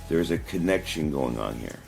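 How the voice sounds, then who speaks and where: A man's voice: a bass voice, lively intonation, brisk, vocal fry, a little mellow, soft background music. A man, hosting a casual livestream and telling a story with many restarts. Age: 40s. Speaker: livestream host.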